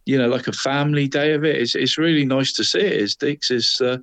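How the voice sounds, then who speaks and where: A man's voice: medium pitch, fairly quick, fairly bright tone, no echo. A man co-hosting a casual football chat, rambling and saying "mate" in nearly every line. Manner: chatty, says "mate" constantly, rambling restarts. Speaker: co-host.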